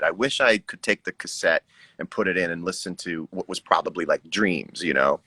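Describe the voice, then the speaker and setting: A man's voice: low voice, normal speed, sharp tone, no room sound, rough recording. A middle-aged American musician talking casually about his record on a livestream, reflective and joking. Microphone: video call.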